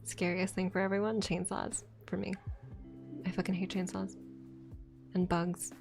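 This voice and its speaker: A woman's voice: on the low side, flat delivery, measured pace, creaky, a little mellow, faint music behind. A young woman streamer chatting casually late at night, rambling, swearing often and laughing between thoughts.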